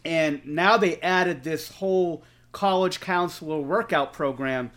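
A middle-aged man, co-hosting a podcast and telling stories in an animated way, swearing freely. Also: on the high side, measured pace. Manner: animated storyteller, swears freely, acts out quotes. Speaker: podcast co-host. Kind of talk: casual storytelling chat.

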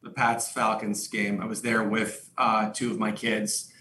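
Middle-aged man, teasing and animated, forceful bright tone, roomy echo from a mic set well back. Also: on the low side, a little slow. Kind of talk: casual chat. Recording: roomy, distant mic, faint noise.

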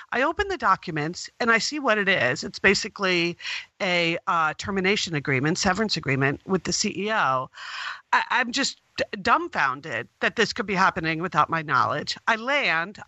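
A middle-aged woman telling a long story as a guest on an interview podcast, recounting events in an animated way. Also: lowish voice, normal speed, dry recording.

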